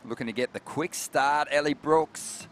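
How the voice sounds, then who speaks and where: A man with an Australian accent doing live surf commentary in a relaxed, chatty way. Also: a little high, moderate pace, a little hiss or hum. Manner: relaxed and chatty, calls people mate.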